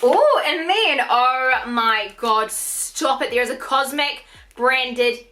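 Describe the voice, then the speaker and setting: A young woman, gushing excitedly as she unboxes products for her vlog. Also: sits high, slow. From New Zealand. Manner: gushing, excitable, swears casually. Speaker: beauty vlogger.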